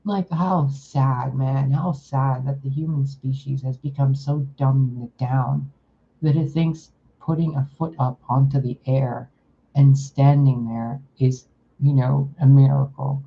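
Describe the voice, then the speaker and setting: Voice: mid-range voice, steady tone, slow, creaky. A spiritual channeler delivering a blunt, exasperated channeled message monologue, swearing casually as the thoughts come. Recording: dull lo-fi recording.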